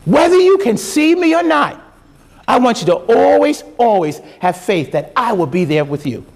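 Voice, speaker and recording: A man's voice: extremely high pitch, big pitch swings, normal speed, vocal fry, in a large hall, voice pushed up, heavily acted. A man voicing a desperate father who calls out urgently for his child. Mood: tender. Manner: frantic calling, urgent commands.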